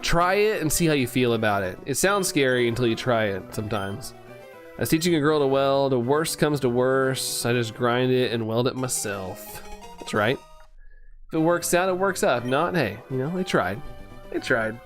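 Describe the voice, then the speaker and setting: A man's voice: medium pitch, animated, moderate pace, faint music behind. A young man streaming, chatting casually and playfully, rambling, tripping over words and laughing at himself. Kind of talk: casual live-stream chat.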